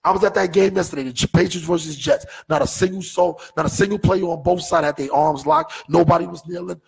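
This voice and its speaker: A man's voice: sits high, quick pace, vocal fry, husky, long reverb tail, low-quality recording. A man in casual sports talk, arguing his point with emphatic rhetorical questions.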